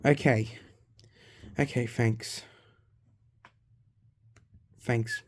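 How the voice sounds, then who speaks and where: A woman voicing a frightened young man who speaks hesitantly and quietly, repeating himself. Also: a bass voice, fairly even intonation, very slow, pitched below the performer's own voice, exaggerated voice. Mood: shaken.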